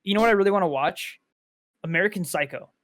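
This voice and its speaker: A young man in casual podcast chat, relaxed and asking questions about movies. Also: sits high, fast, dry recording. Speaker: podcast co-host. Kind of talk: casual chat between friends.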